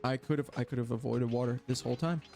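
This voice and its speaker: A man commentating his own gameplay as a streamer, chatty and quick to launch into exaggerated, exasperated rants. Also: medium pitch, steady tone, gravelly, warm tone, soft background music. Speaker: gaming streamer. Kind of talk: let's play commentary.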